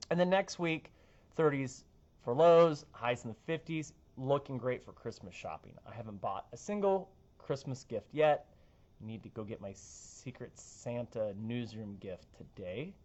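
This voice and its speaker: A man's voice: mid-range voice, lively intonation, unhurried, long pauses, darkish tone. Playful weatherman, dull audio. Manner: playful, jokey asides while walking through maps. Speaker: TV meteorologist. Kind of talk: casual weather forecast chat.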